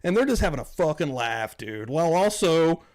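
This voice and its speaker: A man's voice: fairly high pitch, very animated, normal speed, darkish tone. A man hosting a casual livestream chat, rambling along, swearing often and chuckling as he talks. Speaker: host.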